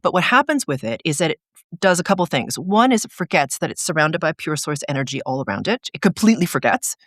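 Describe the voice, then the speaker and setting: An energy coach speaks as an interview guest, explaining and telling stories in a casual, lively way. The voice sits at a middle pitch and is often padded with "like". The sound is dry, with no room echo. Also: quick pace. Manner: animated storyteller, frequent "like" fillers.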